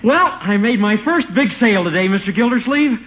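A man's voice: sits high, expressive, brisk. A man playing a polite, hesitant, naive young husband, in 1940s radio acting style. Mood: earnest. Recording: muffled old radio recording.

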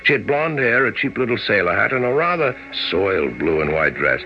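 An actor playing a calm, wry male friend who narrates and asks measured, gently questioning lines, in old-time radio acting. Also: fairly low pitch, slight background noise. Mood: storytelling. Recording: dull old radio recording with music.

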